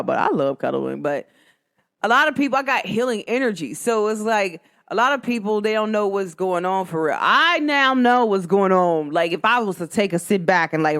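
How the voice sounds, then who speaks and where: Woman, casual vlog storyteller, rambling and animated. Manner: chatty, rambling, lots of "like" fillers; animated, swoops high when quoting others.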